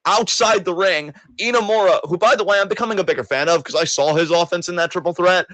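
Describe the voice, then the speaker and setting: A man rants about wrestling with mock outrage and heavy swearing, his voice a little higher than most. He talks into a close mic in a dry, dead room. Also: quick pace, a bit bright, no echo, rough recording. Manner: exasperated, sarcastic, swears a lot. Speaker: wrestling podcast co-host. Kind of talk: casual profane wrestling rant.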